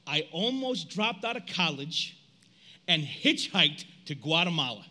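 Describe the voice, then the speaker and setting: A man in his forties preaching a sermon in a casual, animated way, reading scripture and breaking into loud outbursts. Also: fairly high pitch, a little slow. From United States. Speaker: pastor.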